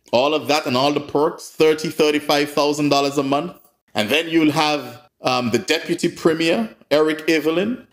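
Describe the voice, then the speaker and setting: Indignant Caribbean newsman. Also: a little high. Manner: sarcastic, indignant, emphatic asides. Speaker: news host and commentator. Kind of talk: reading a release, then opinion commentary.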